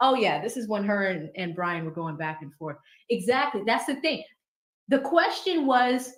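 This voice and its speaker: Chatty, upbeat woman livestream host with a mid-pitched voice, reading viewer messages in a roomy space. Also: expressive, fairly bright tone. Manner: chatty, upbeat, quick asides. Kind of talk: casual livestream chat reading super chats. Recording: echoey room.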